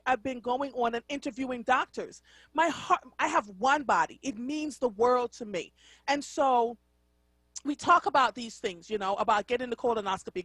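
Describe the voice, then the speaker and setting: A woman's voice: a little high, a bit bright, no echo. A middle-aged woman hosting a radio show, talking in a chatty, rambling way with restarts and asides. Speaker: radio host. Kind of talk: casual radio talk. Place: radio studio. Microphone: studio mic.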